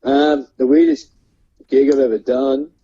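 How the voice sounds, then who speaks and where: Young Australian male comedian, rambling storyteller who laughs a lot; mellow, husky voice, dull recording. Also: medium pitch, sing-song, unhurried. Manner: laughing often, rambling with many fillers. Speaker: stand-up comedian guest. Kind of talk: casual storytelling chat. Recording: dull lo-fi sound.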